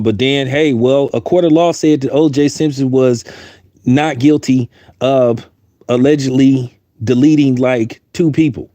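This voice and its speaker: A man's voice: mid-range voice, steady tone, unhurried, warm tone, no echo. A man giving heated, blunt opinion commentary, repeating points for emphasis.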